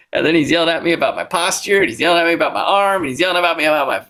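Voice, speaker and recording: A man co-hosting a podcast, telling a rambling, animated story in casual chat. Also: fairly high pitch, racing, hardly any pauses. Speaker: podcast co-host.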